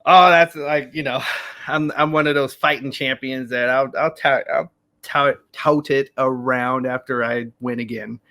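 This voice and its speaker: A man co-hosting a podcast, laid-back and quick to laugh, talking through his thoughts with many fillers. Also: mid-range voice, steady tone, pushed and bright. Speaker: podcast co-host. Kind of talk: casual chat.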